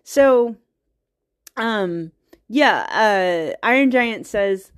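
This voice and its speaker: A woman's voice: on the high side, expressive, measured pace. A young woman eagerly retelling a film's plot in casual, rambling talk, laughing often and getting teary. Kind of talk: casual movie recap.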